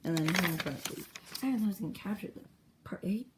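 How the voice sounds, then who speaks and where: Over some background noise, a woman with a lowish voice speaks quickly. She's thrilled to recount the tale of her own comic journal, rambling casually and jumping into short character impressions.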